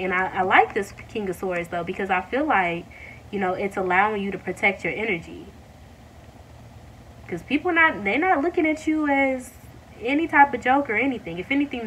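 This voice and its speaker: A woman giving a casual tarot reading to her viewers, talking warmly to them as y'all and breaking into excited exclamations. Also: medium pitch, distant mic, a little hiss or hum, rough recording. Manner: excited, animated bursts with drawn-out exclamations; addresses viewers as y'all, many fillers. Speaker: tarot reader.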